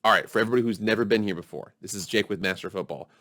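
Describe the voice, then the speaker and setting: A man's voice: on the low side, very fast, fairly bright tone, no room sound, clean studio sound. A man hosting a football show in casual, upbeat commentary, chatty and hyping his viewers. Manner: upbeat and chatty, hypes the audience.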